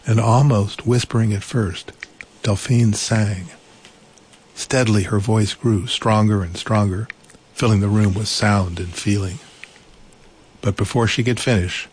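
Brief: male storyteller, low and husky, gentle read-aloud with asides. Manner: gentle, unhurried, adds asides.

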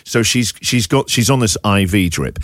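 A middle-aged man hosting a radio show, telling a story in a casual, animated way. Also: lowish voice, normal speed, dry recording, clean studio sound. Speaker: radio host. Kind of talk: casual on-air chat. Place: studio. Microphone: studio mic.

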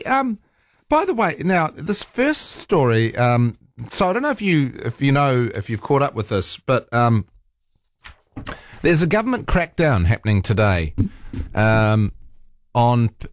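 A man's voice: medium pitch, sing-song, unhurried, no room sound. A man with a New Zealand accent hosting a talk radio show in a studio, chatting in a rambling way with many fillers and restarts. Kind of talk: casual talk radio monologue. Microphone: studio microphone.

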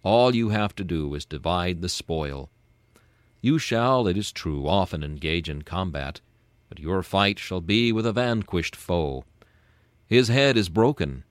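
A man reading a scripted devotional meditation in a solemn, measured, preacherly way. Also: deep voice, lively intonation, dry recording. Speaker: devotional reader.

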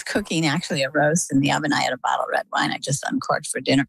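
A middle-aged woman from Maine, a guest in an interview, telling her story in a lively, conversational way and acting out the quoted dialogue. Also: low-pitched, racing, vocal fry, husky, dry recording, poor audio. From Maine, USA.

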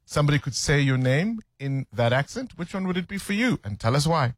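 A man's voice: a little high, sing-song, fairly quick, no echo. A man hosting a radio show, chatting casually, laughing often and musing on the news. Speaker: radio host. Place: radio studio.

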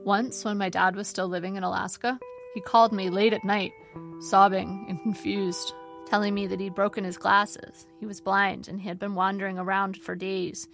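A woman reading her own memoir aloud in a dry, measured storytelling manner. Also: mid-range voice, flat delivery, vocal fry, a bit bright, soft background music. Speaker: narrator.

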